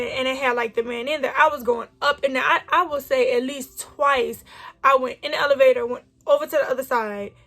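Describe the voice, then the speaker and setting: Young woman, high voice, animated storytime vlogger who acts out the quotes. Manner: chatty, animated retelling with quoted dialogue. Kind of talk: storytime vlog.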